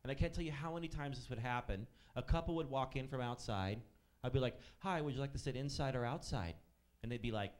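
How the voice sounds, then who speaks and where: A man in his thirties works a comedy club stage with a sardonic, profane edge. His voice sits at an ordinary middle pitch and he tells his stories with dry bite. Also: fast talker. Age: 30s. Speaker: stand-up comedian. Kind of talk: stand-up set.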